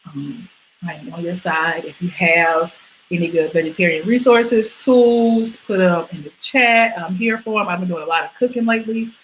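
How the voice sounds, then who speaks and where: A young woman performing a stand-up set from home over a video stream, jumping to high squeals and dropping to mutters. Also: moderate pace, slight background noise, poor audio. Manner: animated, with sudden high squeals and drops to mutters. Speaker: stand-up comedian.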